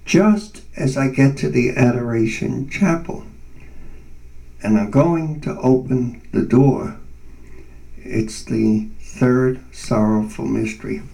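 A man guest earnestly telling a personal faith story in conversation, animated and vivid. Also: mid-range voice, takes it slowly, vocal fry, far from the mic, poor audio.

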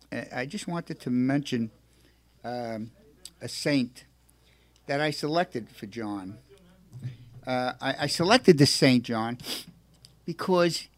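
Male radio host, affectionate and halting, mid-pitched voice, dry room, reads aloud. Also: no room sound. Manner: halting, repeats words, affectionate. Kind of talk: radio talk show, reading a saint's life aloud.

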